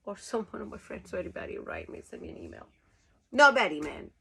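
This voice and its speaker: A woman's voice: mid-range voice, wildly swooping pitch, fairly quick, creaky, bright, forceful tone, breathy edge, rough recording. A woman from Rica, telling a rambling story casually, laughing often and swearing freely. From Costa Rica. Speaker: cruise ship worker.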